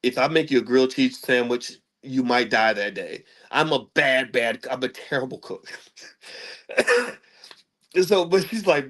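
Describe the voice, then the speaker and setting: A middle-aged man hosting his own channel tells a story to camera in a casual monologue, stammering, repeating words, and poking fun at himself with self-mocking humor. His medium-pitched, slightly bright voice is unhurried, with long pauses.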